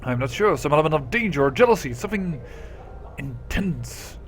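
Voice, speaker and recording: A man hosting a let's play, reading role-playing game text aloud with lively asides. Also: fairly high pitch, moderate pace, slight background noise.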